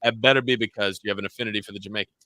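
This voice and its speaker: A man's voice: lowish voice, fairly even intonation, rapid-fire, background noise. A young man co-hosting a live football watch-along, full of casual jokes, teasing and blunt opinions. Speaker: co-host of a match watch-along. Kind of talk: casual sports banter.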